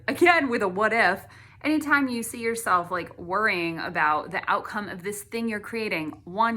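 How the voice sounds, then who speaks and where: A middle-aged woman artist talking casually to camera, chatty with many fillers, sometimes dropping to a soft hush. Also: medium pitch. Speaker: artist and host.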